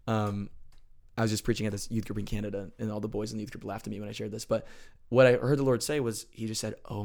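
A man sharing stories of prayer in a casual, earnest conversation, often restarting his sentences and growing animated when excited. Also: mid-range voice.

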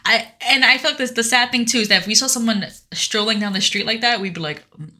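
A woman co-hosting a casual podcast, retelling a story in an animated way with lots of fillers. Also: on the high side, quick pace, a little hiss or hum. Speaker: podcast co-host. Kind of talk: casual chat.

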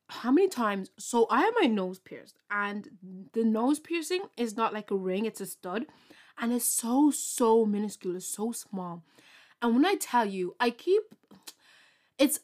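A young woman hosting her own podcast, chatting casually in an excitable, rambling way with lots of fillers. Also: a little high. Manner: bubbly, excitable, rambling with many fillers and laughs. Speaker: podcast host. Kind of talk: casual solo podcast chat.

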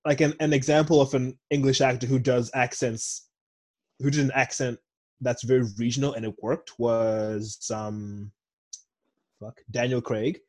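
A young man from Zimbabwe, speaking with an American accent, co-hosts a podcast in rambling, casual talk, frequently digressing and correcting himself. His mid-range voice stays steady and a little mellow at a measured pace.

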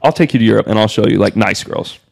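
A man's voice: lowish voice, quick pace, creaky. A young man, a podcast guest, telling casual stories full of "like" and swearing. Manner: loose and animated, heavy on "like" fillers and swearing. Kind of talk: casual storytelling.

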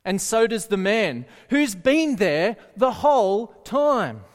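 A man's voice: high voice, very animated, slow pace. A man preaching a sermon earnestly, often putting questions to his listeners. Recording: echoey hall reverb.

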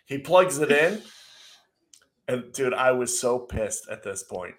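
Middle-aged man, casual podcast co-host, animated sarcastic storyteller, mid-range voice. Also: medium pitch, slow.

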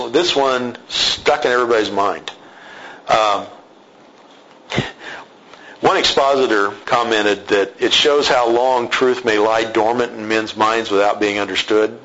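A man's voice: on the low side, fairly bright tone. Conversational male Bible teacher, muffled. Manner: conversational, with asides and self-corrections.

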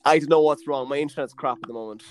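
A man co-hosting a podcast over a video call, jokey and quick in casual chat. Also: a little high. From Ireland. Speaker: podcast co-host.

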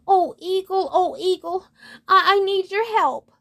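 A woman's voice: fairly high pitch, sing-song, measured pace, fairly bright tone, pitched above the performer's own voice, exaggerated voice. A bossy, proud unicorn, as a woman puts her on. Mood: firm, pleading.

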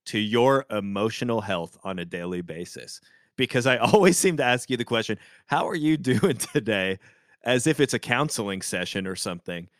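A man hosting a casual podcast as a pastor, deadpan and playful in his joking. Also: mid-range voice, smooth, dry recording, studio quality. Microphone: remote call.

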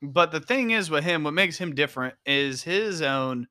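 A man's voice: a little high, expressive, normal speed, sharp tone, no room sound, clean studio sound. A young man co-hosting a casual podcast, talking loosely with swearing and lots of "like" and "whatnot". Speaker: podcast co-host.

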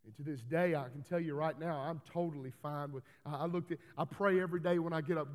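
A man preaching a folksy sermon in a church, building to loud, emphatic calls. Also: on the high side, steady tone, fast, hardly any pauses. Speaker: pastor. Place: church hall. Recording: reverberant church hall.

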